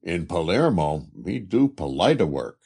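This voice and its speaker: A man's voice: sits low, sing-song, measured pace, creaky, a little mellow, husky, heavily acted. A man voicing a chatty, poor Italian immigrant laborer who speaks broken English with an Italian accent. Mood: wistful. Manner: broken English, eager and talkative.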